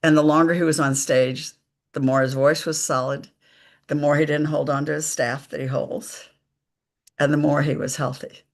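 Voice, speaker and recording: A woman, a psychic medium guest, telling stories slowly and emphatically in a live conversation, acting out the dialogue. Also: deep voice, flat delivery. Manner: slow, emphatic storytelling with quoted dialogue.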